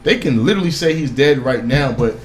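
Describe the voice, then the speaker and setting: A man co-hosting a casual podcast chat, talking in an animated, insistent way and swearing freely. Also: mid-range voice, brisk, a little hiss or hum. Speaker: podcast co-host. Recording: echoey room with faint ambience.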